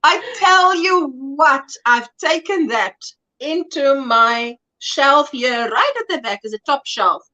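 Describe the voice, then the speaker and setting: A woman's voice: high-pitched, lively intonation, takes it slowly, few pauses, pushed and bright. A South African woman hosting a casual livestream chat, reading viewer comments aloud and laughing often. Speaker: livestream host.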